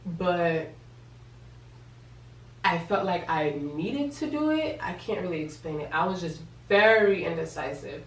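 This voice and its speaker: A young woman from New York tells a personal story in a casual vlog. She is emotional and repeats words for emphasis. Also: on the low side. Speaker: vlogger. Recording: echoey room, from a distance, faint hum.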